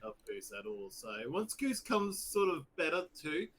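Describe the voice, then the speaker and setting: Stammering man, lively and bright. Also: a little high. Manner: halting, stammering restarts. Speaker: player. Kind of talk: playing a character in a tabletop game.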